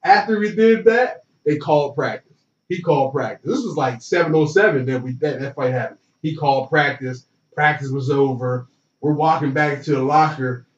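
A man's voice: fairly high pitch, moderate pace. A man, a former college football player, telling a story in casual slang and acting out what people said. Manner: animated, slangy, acts out quotes. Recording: roomy, distant and dull.

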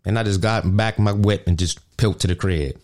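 A man hosting a podcast, ranting indignantly in casual, profane street slang, often jumping high with emphasis. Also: fairly quick, a little mellow. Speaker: podcast host.

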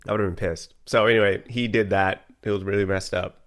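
Man, very deep voice, podcast co-host, casual chat, animated storyteller, swears freely. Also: fast.

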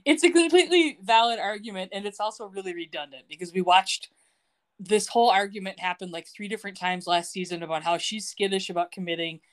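A woman's voice: mid-range voice, fast. A woman co-hosting a podcast, recapping a TV episode in casual chat, sarcastic and laughing often. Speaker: podcast co-host.

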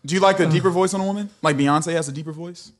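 A man co-hosting a casual podcast, teasing the others with quick jokes. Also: on the high side. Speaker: podcast co-host. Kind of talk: casual chat.

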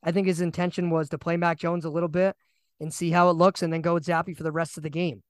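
Ranting young man, slightly high, dry sound. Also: quick pace, smooth, no room sound. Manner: animated, ranting, repeats himself. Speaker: podcast co-host. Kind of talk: casual sports chat.

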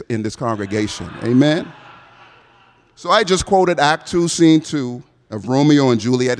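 A man's voice: a little high, long reverb tail. A man with a semi-Bahamian American accent preaching an evening sermon as a pastoral fellow, chatty and asking the congregation questions. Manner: conversational, asks the congregation questions.

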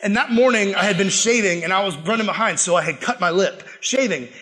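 A man's voice: high-pitched, brisk. A young man giving a casual, joking sermon to students, acting out voices as he tells stories. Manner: animated, joking, acts out quoted voices. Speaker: youth pastor.

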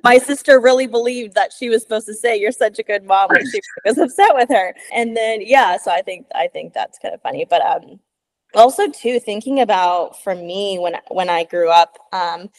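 A young woman co-hosting a casual podcast about dog training. She talks in a loose, chatty way, full of fillers, and slips into playful quoted voices. Her voice sits at an ordinary middle pitch. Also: moderate pace.

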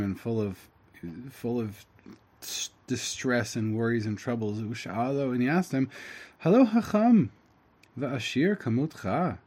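A man teaching, reading a story aloud and translating it line by line, halting often with fillers and restarts. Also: medium pitch, a little mellow. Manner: halting, with fillers and self-corrections.

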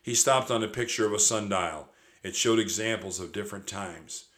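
A man narrating a children's audiobook with a steady, expressive read-aloud delivery. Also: on the low side, moderate pace.

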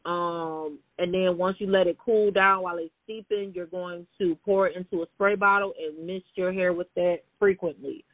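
A woman's voice: on the low side, fairly even intonation, normal speed, few pauses, no room sound. A woman co-hosting a casual podcast, talking straight to her listeners with slang and pet names. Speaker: podcast co-host. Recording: tinny phone-like sound.

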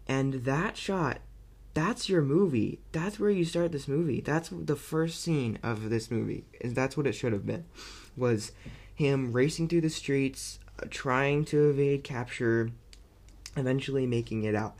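Man, mid-pitched, casual spoken movie review; rambly, excitable, filler-heavy delivery. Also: measured pace. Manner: excitable and amused.

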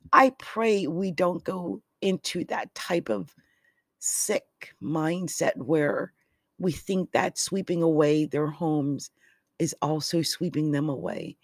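A woman speaking in an impassioned, prayerful monologue, choked up from crying, often dropping into soft whispers. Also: low-pitched, dry recording, clean studio sound. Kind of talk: emotional personal monologue.

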